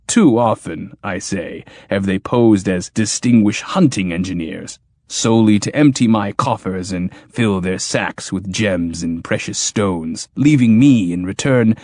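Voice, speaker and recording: A man voicing a grim, exacting male tyrant king in an audiobook, booming and menacing. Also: a little mellow, no room sound, studio quality. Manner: booming, menacing, laughs like thunder.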